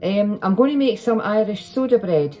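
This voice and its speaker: A woman's voice: mid-range voice, animated, normal speed, mellow, soft background music. A Scottish woman chatting in a rambling way in her home kitchen while she bakes, filmed on a phone, often restarting her sentences. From Scotland. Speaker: home cooking vlogger. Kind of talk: casual chat while baking. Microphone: iPhone.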